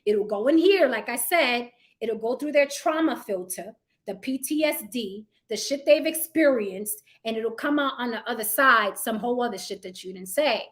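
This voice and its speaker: A woman hosts a live stream and speaks straight to her viewers and moderators. Her voice sits on the higher side, and she talks bluntly and emphatically, swearing freely as she makes her points. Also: expressive, normal speed. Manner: addresses chat and moderators directly. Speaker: livestream host.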